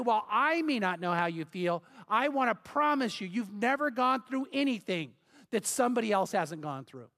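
A man's voice: very high-pitched, fairly bright tone. A middle-aged male pastor preaching a sermon in an earnest, emphatic way, building with repeated phrases.

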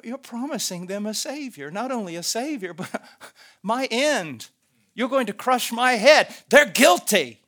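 A man's voice: high voice, fairly bright tone, pitched above the performer's own voice, full character voice. A preacher voicing a scornful male devil who mockingly accuses God with rhetorical questions.

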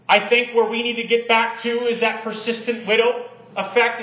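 Male pastor, high voice, energetic sermon with emphatic peaks; roomy, muffled church recording. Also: normal speed, few pauses. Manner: energetic preaching, reads stories aloud, rising to emphatic peaks.

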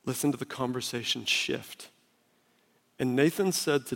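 A man's voice: medium pitch, normal speed, vocal fry, pauses often, a bit bright. A man preaching a sermon as pastor, emphatic and conversational. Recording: long reverb of a large hall.

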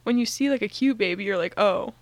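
A woman's voice: on the high side, fast, no echo. A woman co-hosting a podcast in casual chat, giggly and rambling with lots of "like". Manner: giggly, rambling with many likes. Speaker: podcast co-host.

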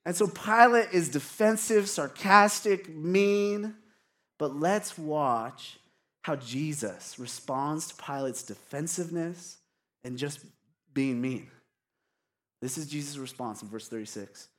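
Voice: medium pitch, animated, slow pace, fairly bright tone. A pastor preaching in a casual, conversational way, stopping to ask the congregation questions. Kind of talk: sermon.

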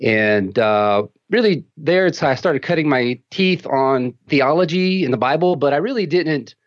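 A Texan man talking about his life in a relaxed, chatty way, with plenty of laughs. The sound is a bit dull and lo-fi. The room is dry and close. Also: on the high side, a little slow, no echo. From Texas. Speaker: pastor, guest. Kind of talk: casual interview talk.

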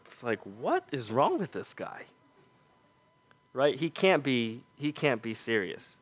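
A man preaching a sermon, earnest and full of rhetorical questions, letting his voice fall soft on key points. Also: mid-range voice, very animated, slow pace.

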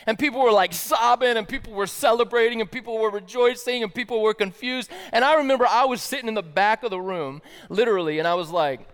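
A man's voice: high voice, fast talker, hardly any pauses, a bit bright, clear, resonant tone, long reverb tail. A man from the American South giving a casual, slangy personal testimony as a worship-night speaker. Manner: casual, youthful slang, laughs often. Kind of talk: sermon-style personal testimony.

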